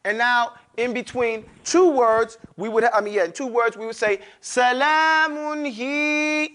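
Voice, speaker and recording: A man's voice: extremely high pitch, fairly even intonation, normal speed, a bit bright. A man teaching Quran recitation to a class, drilling pronunciation and checking in often. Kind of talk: classroom lesson.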